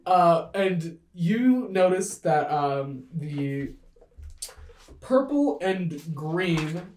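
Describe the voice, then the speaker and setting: Lady game master narrating, kinda low voice, lots of ums, echoey room. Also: extremely slow, slight background noise. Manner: relaxed, many fillers.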